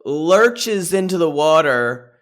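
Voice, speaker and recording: A man, co-hosting a podcast and recapping a reality show in quick, playful, teasing chat. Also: fairly high pitch, lively intonation, fairly bright tone. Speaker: podcast co-host.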